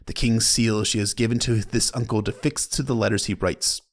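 A man voicing a sly old male pirate captain who speaks in stilted, foreign-sounding phrases and drops his voice low. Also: steady tone, brisk, natural voice. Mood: grumbling.

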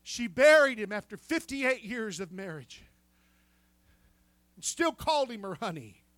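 High-voiced fervent male preacher. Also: big pitch swings, unhurried, no room sound. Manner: swings from fervent shouting to hushed intimacy; exclaims hallelujah and amen. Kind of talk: Pentecostal sermon. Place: church.

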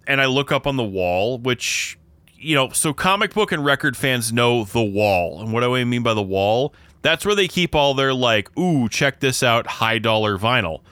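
A man talking casually as a podcast co-host, his voice bright and forward. He rambles and restarts, piling on asides before getting back to the point. The sound is dry and close. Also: mid-range voice, dry recording. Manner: rambling, self-interrupting storyteller. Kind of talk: casual chat.

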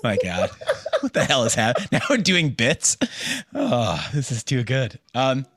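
A man's voice: medium pitch, wildly swooping pitch, unhurried, fairly bright tone, no room sound. A man hosting a podcast in casual chat, wry and sarcastic, swearing freely and laughing often. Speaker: podcast host.

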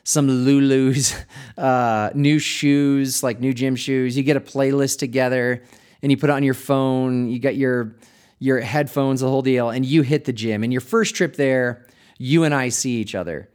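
A man's voice: mid-range voice, fairly even intonation, unhurried, a little mellow. A man, a pastor, hosting a podcast with a reflective, conversational monologue, laughing lightly and restarting his words.

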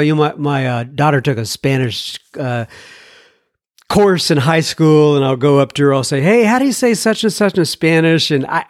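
A man with a high voice hosts a podcast, reading out listener emails and adding chatty, self-mocking asides. The sound is close and dry, with no room around it. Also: no echo. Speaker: podcast host. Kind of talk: reading listener emails aloud with casual commentary.

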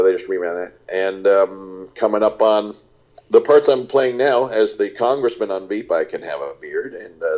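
A man's voice: low-pitched, muffled recording. An older man, an actor, chatting casually in an interview and rambling through stories with lots of "uh"s. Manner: rambling, animated storytelling with lots of "uh". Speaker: actor guest.

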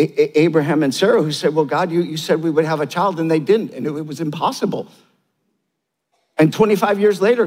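Older male pastor, husky high voice, sermon in a big echoing church hall, animated then quiet. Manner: animated preaching, repeated lines building up, then a quiet personal story.

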